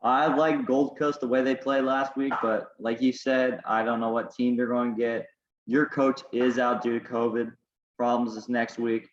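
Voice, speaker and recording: A man's voice: mid-range voice, level tone, normal speed, slight background noise. A man co-hosting a casual sports podcast, making confident picks and teasing his co-host. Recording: echoey lo-fi home recording.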